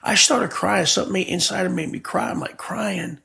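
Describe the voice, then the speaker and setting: A guest pastor tells his life story with emotion, vividly acting out the dialogue as he goes. His voice is high, fairly quick, gravelly and sharp in tone.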